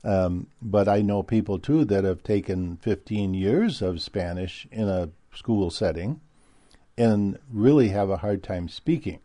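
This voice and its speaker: A man's voice: fairly low pitch, measured pace, warm tone, dry recording. A man from Minnesota with a Midwestern American accent, talking in a rambling casual monologue with many fillers and restarts.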